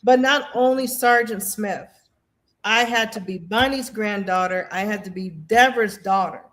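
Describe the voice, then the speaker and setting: At a normal pace and in a mid-range voice, a middle-aged Air Force veteran talks as a guest about grief and faith. Her storytelling is lively, and she performs the voices of those she quotes during this emotional conversation.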